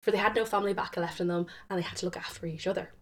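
A woman casually retelling a folktale, chatty, with fillers and quick self-corrections. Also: fairly low pitch, fairly even intonation. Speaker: storyteller.

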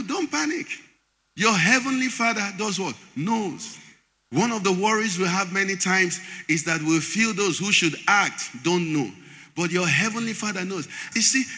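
A man's voice: high-pitched, pushed and bright. A man preaching a sermon, quizzing the congregation so they fill in his words. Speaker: pastor. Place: large church hall. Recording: echoey church hall.

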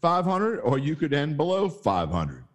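A man's voice: on the high side, huge pitch swings, moderate pace. A man co-hosting a casual sports betting podcast, wry and teasing, laughing often.

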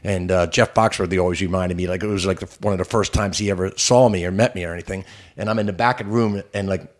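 A man's voice: low-pitched, quick pace. A man, a comic, telling a long rambling road story in casual podcast chat, jumping into other people's voices as he goes. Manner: animated storyteller acting out voices. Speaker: stand-up comic guest.

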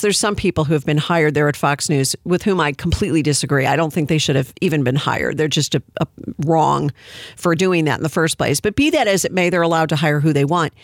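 A woman's voice: deep voice, no room sound, clean studio sound. A woman hosting a political commentary show, talking in a sarcastic, indignant way. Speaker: commentary host.

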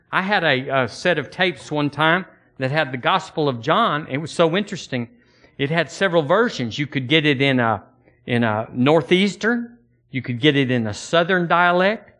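A man preaching a sermon in a folksy, conversational way, his voice sitting a little high. He repeats words as he works toward a point and slips into old-fashioned scripture phrasing. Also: fairly bright tone. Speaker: pastor.

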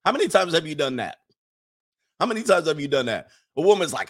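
Animated man mocking in impressions. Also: on the high side, fast talker. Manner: colloquial, repeats "all right". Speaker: commentator. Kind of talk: casual monologue.

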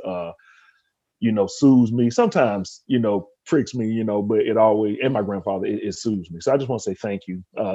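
A man's voice: on the low side, warm tone, breathy edge, muffled recording. A man hosting a podcast interview, rambling with many restarts and openly moved. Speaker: podcast host. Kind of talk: emotional interview conversation.

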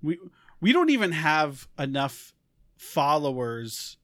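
Woman cohosting a podcast, bouncy voice, laughs a lot, trails off soft, dry sound. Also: low voice, slow pace, no room sound. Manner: animated, laughing, trailing off quietly. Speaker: podcast co-host. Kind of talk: casual chat.

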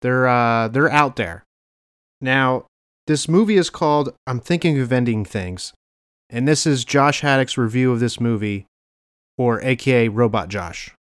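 A man's voice: medium pitch, unhurried, clean tone, dry recording, studio quality. A young adult man hosting a podcast, earnestly reading farewell thank-yous from notes with small slips. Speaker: podcast host.

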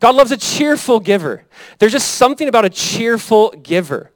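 A pastor in his thirties delivers a sermon in a loose, conversational style, often asking his listeners to agree. His voice sits fairly high for a man. The sound is close and dry, with no room echo. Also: moderate pace. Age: 30s. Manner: conversational, animated preaching with frequent "right?" and "Amen?".

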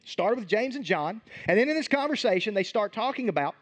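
A man's voice: high voice, expressive, a little fast, hardly any pauses. A male pastor giving a sermon in a conversational way, acting out Bible scenes as he tells them.

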